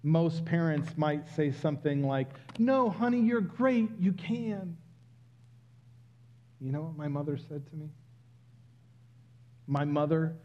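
A man preaching a sermon in a personal, confiding way that builds to loud exclamations. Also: on the high side, lo-fi sound.

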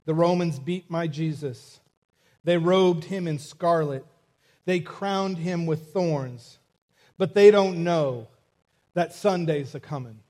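A man's voice: fairly high pitch, takes it slowly, a little mellow. A man putting on a fiery Southern-accented preacher, chanting emphatic repeated lines in a rising cadence. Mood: fervent.

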